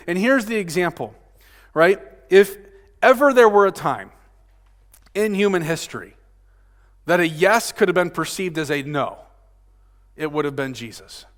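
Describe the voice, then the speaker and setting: A man with a fairly high voice preaching a sermon, his words ringing with the long reverb of a church sanctuary. He swings from loud, emphatic peaks down to hushed, almost murmured lines, and keeps tossing in "right?" to pull his listeners along. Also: expressive, unhurried, pauses often. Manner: frequent rhetorical "right?" tag questions. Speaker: pastor.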